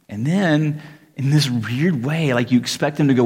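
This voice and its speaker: A man preaching a casual, conversational sermon, acting out quick voices for the people in his stories. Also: mid-range voice, breathy edge. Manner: conversational, animated, acts out voices. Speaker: pastor. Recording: reverberant hall.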